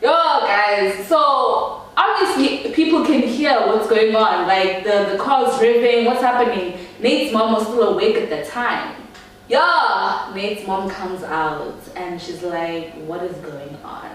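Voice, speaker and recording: A woman's voice: fairly high pitch, recorded from a distance, a little hiss or hum. Young South African woman, storytime vlogger, chatty and laughing; recorded a bit off-mic in an echoey room. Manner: chatty, laughing, talks straight to viewers. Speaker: YouTuber. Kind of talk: storytime vlog.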